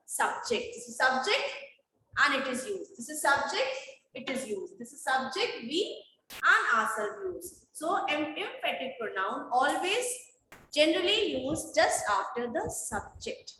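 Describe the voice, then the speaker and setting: Slow, high-voiced Nepali English teacher. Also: female voice, sing-song, sharp tone, echoey room, a little hiss or hum, rough recording. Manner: slow, deliberate explaining with repeated checks for understanding. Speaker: primary school English teacher. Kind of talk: online class lesson.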